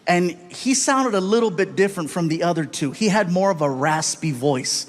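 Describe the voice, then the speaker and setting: A man doing stand-up, telling stories in an animated way and acting out characters. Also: sits high, normal speed, few pauses, a faint crowd. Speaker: stand-up comedian. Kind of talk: stand-up storytelling.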